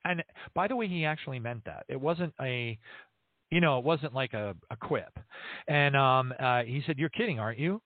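A man with a mid-range voice hosts a Christian radio show, teaching casually from the Bible at a normal speed. He tells stories in which he voices both sides of a conversation, and the dry recording has a tinny, phone-line quality.

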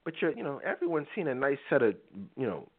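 A man's voice: mid-range voice, very animated, fast. A man hosting a live talk show, lecturing his listeners in an emphatic, preachy monologue and acting out quoted lines in other voices. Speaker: show host. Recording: tinny phone-like audio.

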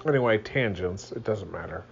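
A man's voice: lowish voice, animated, normal speed, vocal fry, highs cut off, faint music behind. A young man reading a religious book aloud at home in the early morning, tired and yawning, drifting into rambling asides. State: sleepy.

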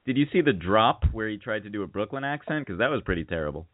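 A man's voice: on the low side, animated, fast talker, dry recording. A man hosting a radio show, chatting casually and teasing his co-host. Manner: joking, teasing. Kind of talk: casual chat. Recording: tinny phone-like sound.

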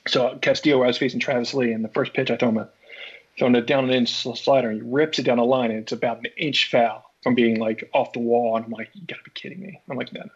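A man from Philadelphia, a former baseball pitcher, telling a story in a casual chat and acting out his own reactions. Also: steady tone, fast, breathy edge. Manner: acts out his own past reactions, many restarts. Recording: dull lo-fi podcast audio.

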